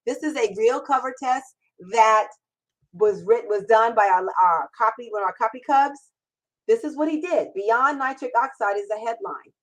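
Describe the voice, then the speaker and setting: A middle-aged woman hosting a live-streamed Q&A, energetic and enthusiastic, repeating words for emphasis. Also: a little high, moderate pace, poor audio. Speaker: host. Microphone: camera mic on a livestream.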